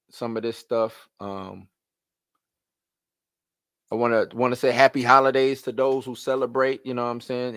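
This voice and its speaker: A man hosting his own live stream, ranting in an animated, slangy way. He repeats himself often and talks at a mid pitch. The sound is dry and close, with almost no room echo. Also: clear, resonant tone. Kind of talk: casual live-stream rant.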